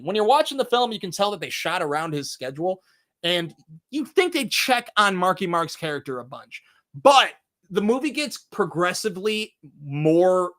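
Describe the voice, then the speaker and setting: Host, male, high and bright, very animated delivery, livestream movie countdown. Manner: excitable, swings between loud bursts and low asides, swears casually. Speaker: movie review show host.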